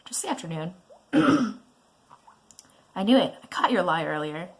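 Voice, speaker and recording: A woman's voice: on the low side, sing-song, a little slow, vocal fry, husky, heavily acted. A woman voicing a controlling, prying middle-aged mother in a browser game, nagging and guilt-tripping. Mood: scolding.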